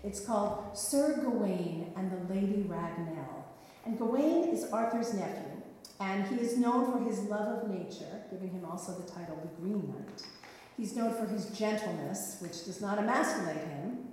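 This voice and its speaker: A woman storyteller relating an old legend in a reflective way, dropping gently wry asides. Her voice sounds distant from the mic and washes around a long, reverberant hall. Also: medium pitch, lively intonation, normal speed, a little hiss or hum. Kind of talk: telling a myth. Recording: echoey hall, mic far off.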